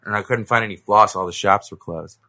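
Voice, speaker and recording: A man's voice: fairly low pitch, brisk, pushed and bright. A man hosting a podcast while nursing a cold, chatting in a loose, joking way. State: has a cold. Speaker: podcast host. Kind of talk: casual chat.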